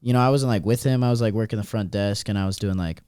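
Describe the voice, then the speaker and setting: A man's voice: fairly low pitch, quick pace, warm tone, clear, resonant tone, no room sound, studio quality. A teenage boy hosting a student podcast, talking loosely and friendly with lots of fillers. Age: teens. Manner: loose, friendly, many fillers like "like" and "you know". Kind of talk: casual chat.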